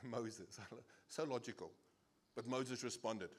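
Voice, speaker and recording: A South African-accented man preaching a sermon as pastor, animated and playful, laughing as he jokes with the congregation. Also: mid-range voice, takes it slowly. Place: church service.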